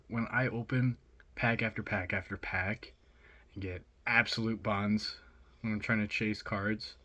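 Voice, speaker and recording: Young man, bright voice, slightly low pitch, rambling casual vlog, excitable. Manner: rambling, excitable, heavy use of filler "like". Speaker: vlogger.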